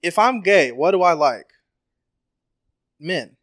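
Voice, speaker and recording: A man co-hosting a podcast, talking in crude casual banter and laying out long questions loudly with lots of swearing. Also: high-pitched, lively intonation, slow pace. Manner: loud, profane, lays out questions at length. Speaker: podcast co-host.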